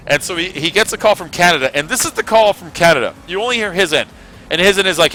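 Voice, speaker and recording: A man's voice: sits high, animated, fast, sharp tone, a little hiss or hum. A man from California giving rambling, chatty commentary while playing a racing game, swearing freely. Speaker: gaming streamer. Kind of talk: casual gameplay commentary.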